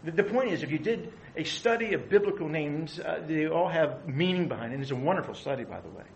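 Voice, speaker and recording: A man's voice: fairly high pitch, animated, fast talker, creaky, slight background noise, low-quality recording. Man preaching a conversational sermon. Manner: conversational, asks the audience questions. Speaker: pastor.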